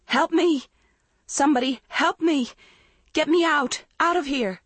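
A frightened teenage girl lost in dark tunnels cries out in a high, gasping voice, played by a woman reading aloud. Her panicked lines jump high, then sink back to a shaky hush. The sound is dry and close. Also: drawn-out words, dry recording. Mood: terrified screaming.

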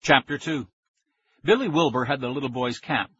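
A man narrating a children's story in the first person with steady storytelling. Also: mid-range voice, moderate pace, husky, no echo, dull audio. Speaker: audiobook narrator.

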